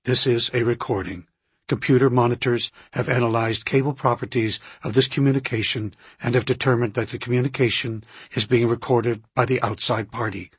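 A husky-voiced man voicing a flat, mechanical recorded warning announcement in a formal monotone. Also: mid-range voice, brisk, dry recording.

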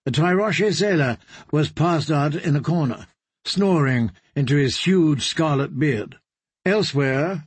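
Husky-voiced male audiobook narrator. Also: on the high side, dry recording. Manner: steady storytelling. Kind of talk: scripted narration.

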